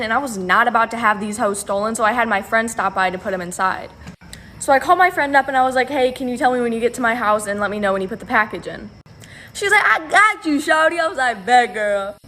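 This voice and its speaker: A woman with a fairly high voice tells a personal story in loose, slangy talk. Faint room ambience sits behind her. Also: fairly bright tone, slight background noise. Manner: slangy, chatty. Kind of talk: casual storytime.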